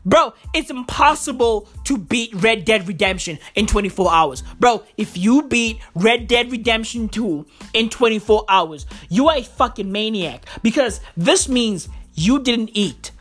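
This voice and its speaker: Woman vlogger, profane comic rant, emphatic, fairly high voice, faint music. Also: animated, unhurried, hardly any pauses, fairly bright tone. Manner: emphatic, heavy swearing, repeated "bro".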